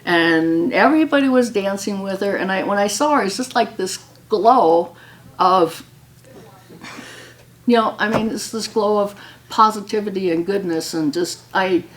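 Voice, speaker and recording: An older woman from Wisconsin telling her story to an audience, chatty and quick to laugh. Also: medium pitch. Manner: warm, chatty, laughs often.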